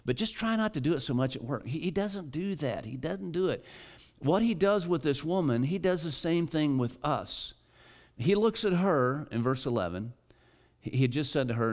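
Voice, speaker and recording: A middle-aged man and pastor, preaching a sermon, alternating urgent repeated calls with slow, low, deliberate emphasis. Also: expressive. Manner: urgent, rising to emphatic repetition.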